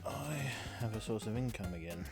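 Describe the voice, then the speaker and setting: A man's voice: lowish voice, lively intonation, moderate pace, over music. A man with an Australian accent giving casual, sarcastic commentary while streaming a game. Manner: wry, sarcastic asides.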